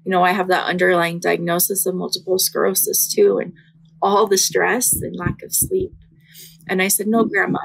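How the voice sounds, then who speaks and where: Young woman telling her faith story, earnest and halting, bit raspy, fry in the voice. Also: fairly low pitch, flat delivery, poor audio. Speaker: guest sharing testimony. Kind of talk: personal testimony, casual chat.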